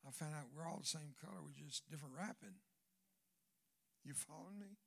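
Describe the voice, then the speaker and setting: An older man with a Southern American accent preaching a storytelling sermon as a guest speaker, swinging from hushed, quiet passages to loud bursts and joking asides. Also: a little high, brisk, vocal fry. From Southern United States.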